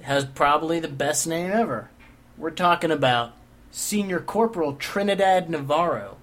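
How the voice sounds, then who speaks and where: A man's voice: a little high, normal speed, fairly bright tone. A man hosting a casual comedy chat show, wry and joking as he leads the segments. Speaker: podcast host.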